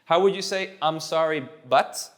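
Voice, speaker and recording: Guy tutoring a student, kinda high voice, patient, says stuff over n over slowly. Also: steady tone. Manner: patient, repeats phrases slowly for drilling. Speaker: language teacher. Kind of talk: casual tutoring session.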